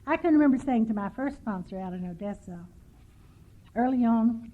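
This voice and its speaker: A woman's voice: fairly high pitch, animated, moderate pace. Older woman telling wry stories on lo-fi tape. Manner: dry self-mocking humor, storytelling. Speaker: workshop speaker. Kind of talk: recovery workshop talk. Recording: tinny lo-fi 1990s tape.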